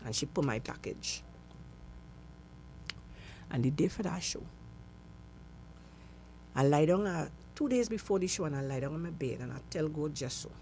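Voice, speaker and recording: A middle-aged woman with a Trinidadian accent, a guest in an interview, telling her story with lively acted-out dialogue. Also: low voice, normal speed, long pauses, a little hiss or hum. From Trinidad and Tobago.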